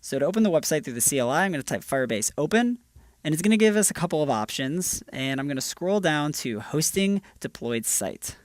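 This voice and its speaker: A man's voice: fairly high pitch, big pitch swings, a little fast, no room sound, studio quality. A man presenting a screencast tutorial, walking through each step in an upbeat, casual way. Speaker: developer advocate presenting a tutorial.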